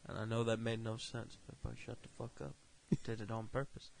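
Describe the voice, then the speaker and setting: A man co-hosting a casual review chat, swearing a lot and bursting into loud rants. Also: mid-range voice, little pitch movement, brisk, creaky, a little hiss or hum. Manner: profane, ranting, loud outbursts. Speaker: co-host.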